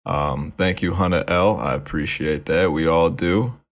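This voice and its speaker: A man with a very deep, monotone voice reads a listener review on a podcast. He swears a lot and plays up mock grandeur. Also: measured pace. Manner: profane, mock-bombastic. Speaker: podcast co-host. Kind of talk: reading a listener review, casual chat.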